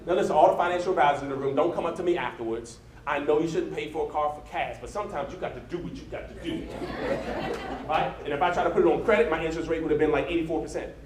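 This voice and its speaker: Man on stage spinning a story, talks fast, laughs along, bit of a high voice, echoey room. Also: background noise. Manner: animated, conversational storytelling with laughs. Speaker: motivational speaker. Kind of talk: storytelling speech to a live audience. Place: large event room with an audience.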